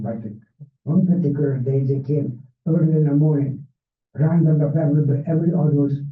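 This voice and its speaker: An older man with a Hungarian accent tells his story at an unhurried, measured pace, his English carrying the turns of a native Hungarian speaker. His voice sits a touch high for a man. It comes from a distance in a reverberant room, thin and narrow like a phone line. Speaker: Holocaust survivor speaker. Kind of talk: personal testimony talk. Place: library event room.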